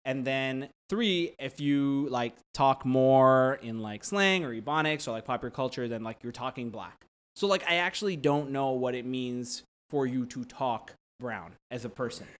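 Young guy rambling in a casual chat, lots of "like", mid pitch, jumps into little impressions. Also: clean tone. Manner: rambling, heavy use of "like" fillers; animated, drops into quick voice impressions.

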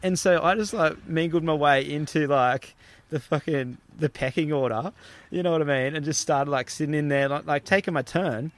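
A man's voice: a little high, normal speed. A young Australian man from the Gold Coast telling stories in a casual podcast chat, swearing casually and acting out the people he quotes. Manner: animated, swears casually, acts out quoted voices.

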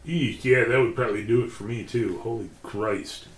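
A man's voice: on the low side, moderate pace. A man co-hosting a podcast in casual chat, stammering and swearing as he reacts. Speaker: podcast co-host. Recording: roomy echo, faint hiss.

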